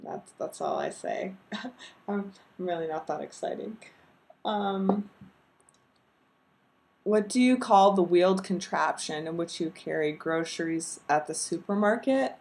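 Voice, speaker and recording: A woman from Texas with no regional twang talks to her camera in an unhurried, low-key way, filling the gaps with hesitant pauses. Her voice sits a little low and has a noticeable gravelly fry. She sounds modest and self-deprecating, as if she doesn't think she's very interesting. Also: darkish tone. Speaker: video blogger. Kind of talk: casual chat and word-list reading.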